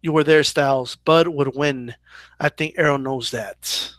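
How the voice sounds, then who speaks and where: A man's voice: mid-range voice, fairly even intonation, a little slow, a bit bright, dry recording. A man hosting a casual live Q&A about boxing, chatty and loose, full of "like" and "right?" as he answers viewer questions. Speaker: boxing channel host.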